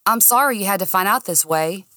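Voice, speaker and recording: A woman reading the part of a male police officer who speaks firmly but gently. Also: medium pitch, lively intonation, brisk, dry recording, clean studio sound. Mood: concerned.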